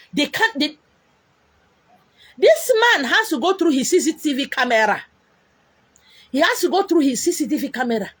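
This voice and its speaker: A young adult Nigerian woman telling a comic personal story, animated and exclaiming, mixing pidgin into her English. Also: fairly high pitch, breathy edge, dry recording. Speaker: vlogger.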